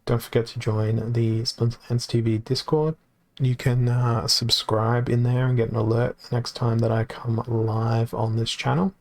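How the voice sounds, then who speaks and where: Wry gravelly-voiced male game streamer. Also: medium pitch, little pitch movement, moderate pace, a little mellow. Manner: wry, self-deprecating, thinking aloud. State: losing his voice. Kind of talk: casual live-stream commentary.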